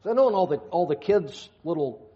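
A man's voice: on the high side, animated, a little fast, warm tone. A man preaching a sermon, reading scripture aloud and dropping folksy, joking asides. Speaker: pastor. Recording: dull lo-fi sound.

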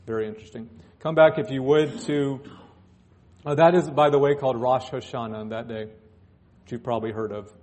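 A man's voice: medium pitch, moderate pace, darkish tone. A male pastor preaching in church, reading scripture aloud and breaking off into joking asides. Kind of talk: sermon.

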